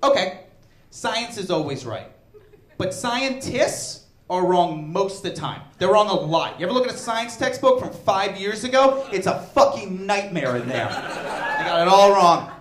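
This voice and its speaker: Male stand-up comedian, high voice, lively swings, echoey club, audience laughter. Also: moderate pace. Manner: animated, profane, conversational.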